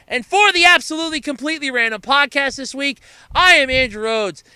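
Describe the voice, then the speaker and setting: A man with a very high, piercingly bright voice hosts a solo podcast. He is still winded and breathing hard, talking in loose, rambling bursts. He sounds tense and sharp throughout. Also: no room sound. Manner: rapid countdown shouting, then winded rambling. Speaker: podcast host.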